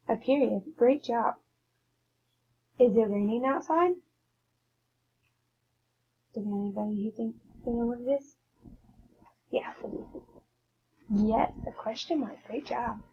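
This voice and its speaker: A woman's voice: fairly high pitch, unhurried, vocal fry, long pauses, mellow, slight background noise. A woman giving a mock classroom lesson as a teacher, talking casually with many filler words. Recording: dull lo-fi with faint ambience.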